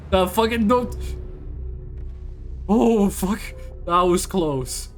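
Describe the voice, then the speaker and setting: A live streamer commenting on a space exploration game, thinking out loud and swearing when startled. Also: mid-range voice, takes it slowly, long pauses, faint music behind.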